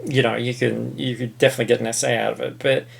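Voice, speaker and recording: Blunt, gravelly Australian man. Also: medium pitch, flat delivery, fast talker. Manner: opinionated, blunt, swears freely. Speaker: podcast co-host. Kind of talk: casual film review chat.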